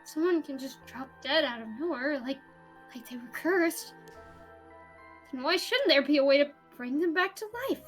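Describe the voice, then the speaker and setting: A woman reading aloud the lines of a shaken young man who is trying to stay calm, voicing him in earnest. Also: high-pitched, moderate pace, faint music behind, lightly acted. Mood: resolute. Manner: reads game text aloud, earnest and stunned.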